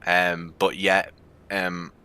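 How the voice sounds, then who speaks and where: A Scouse man streaming a flight game, chatting casually and rambling with plenty of ums. His voice is low and fairly flat in tone, yet bright and crisp. It sounds like relaxed commentary to a live audience. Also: extremely slow. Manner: casual and rambling, with many fillers.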